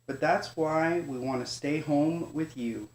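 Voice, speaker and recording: A man voicing an anxious young male raccoon cub in a bedtime storybook, his pitch nudged up into a pleading, childlike tone. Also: unhurried, natural voice. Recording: echoey room.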